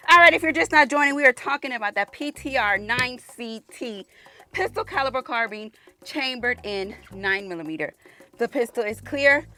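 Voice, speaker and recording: A woman's voice: fairly high pitch, lively intonation, moderate pace, sharp tone. A woman hosting a casual shooting range vlog outdoors, chatty and exclamatory, slightly out of breath from the humid heat. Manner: chatty and exclamatory, calls viewers y'all. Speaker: firearms channel host.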